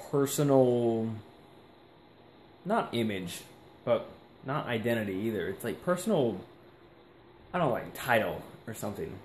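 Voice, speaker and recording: In a casual vlog monologue, a young man rambles and reflects, using plenty of fillers. His voice is medium in pitch with a somewhat dark tone. The room is echoey, and a faint hiss runs underneath.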